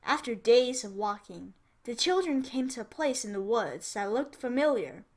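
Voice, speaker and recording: A woman teacher reading a children's story aloud slowly and clearly for English learners, with small asides. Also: a little high, sing-song.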